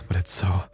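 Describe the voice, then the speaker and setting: A young man chatting casually on a livestream. He laughs often and swears freely. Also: a little mellow. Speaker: streamer.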